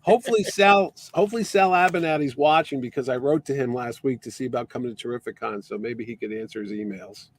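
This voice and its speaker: A man's voice: medium pitch, quick pace, few pauses, no echo. A man co-hosting a casual chat who jokes and acts out conversations he retells. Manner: jokey, acts out quoted exchanges. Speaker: co-host.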